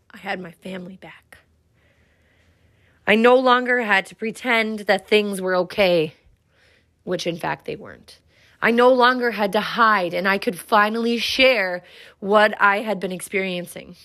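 Gravelly-voiced woman telling her story. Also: mid-range voice, fairly bright tone. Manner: earnest, reflective, with dramatic pauses. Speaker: podcast host. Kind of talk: personal storytelling monologue.

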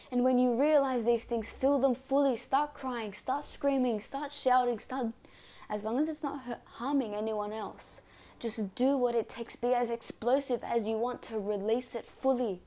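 A woman with a fairly high voice that sounds mellow and warm rather than bright. She talks listeners through self-help advice in an earnest, repetitive, coaching manner, speaking as the host of her own podcast. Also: fairly even intonation, moderate pace. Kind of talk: reflective self-help monologue.

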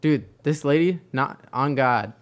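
A man's voice: medium pitch, animated, unhurried. A young man co-hosting a podcast, telling a story animatedly in casual chat, acting out quotes and swearing casually. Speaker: podcast co-host.

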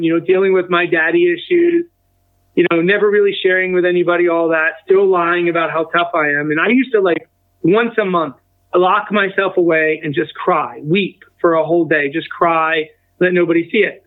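A man in his forties with a fairly high voice tells his own story as an interview guest. He slips into the voices of the people he quotes. The sound is narrow and tinny, like a remote phone line. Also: moderate pace. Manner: acts out quoted dialogue with a lively shift in tone. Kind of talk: casual personal storytelling.

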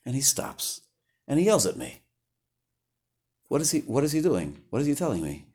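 A man's voice: medium pitch, big pitch swings, moderate pace, darkish tone, husky. A man giving a conversational Torah lecture, sometimes searching for words and rising sharply when he acts out quotes. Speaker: rabbi teaching Torah.

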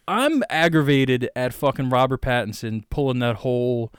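Lively, profane podcast co-host guy. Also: mid-range voice, normal speed, clean tone, dry recording. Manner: profane, teasing and bossy. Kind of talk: casual podcast banter. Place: podcast recording setup. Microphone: desk mic.

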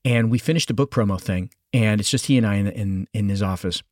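A middle-aged man co-hosting a podcast, telling animated stories with lots of self-interruptions. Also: lowish voice, quick pace, no room sound, clean studio sound. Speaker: podcast co-host. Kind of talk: casual conversational storytelling.

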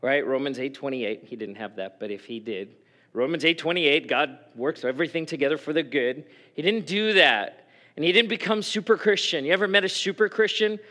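A man's voice: a little high, fairly quick. A man preaching a sermon as pastor, talking in an earnest, conversational way with frequent restarts and open emotion. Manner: emotional, openly expressive.

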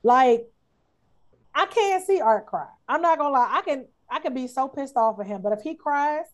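A woman's voice: sits high, expressive, moderate pace. A woman co-hosting a podcast, speaking frankly and with empathy in casual chat. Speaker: podcast co-host.

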